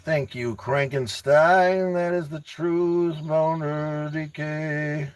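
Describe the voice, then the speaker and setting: A man with a somewhat high voice hosts a casual livestream, reading comments aloud and answering viewers by name. He talks excitably and rambles, often repeating himself as he gives motivational talk. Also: slow pace, clear, resonant tone, rough recording. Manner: addresses viewers by name, teasing. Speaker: livestream host reading chat.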